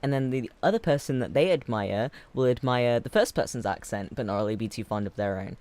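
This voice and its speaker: Excitable streamer with a mixed accent. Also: male voice, medium pitch, brisk, no echo. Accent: mixed English and American. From England. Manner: swings from soft and gentle to loud and excitable, laughs often. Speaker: streamer host. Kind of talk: casual livestream chat.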